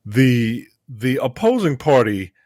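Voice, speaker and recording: A man's voice: slow, no echo, studio quality. A man co-hosting a casual film review podcast, talking expressively with laughing asides. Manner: expressive, laughing asides, bursts into high-pitched impressions. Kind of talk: casual chat.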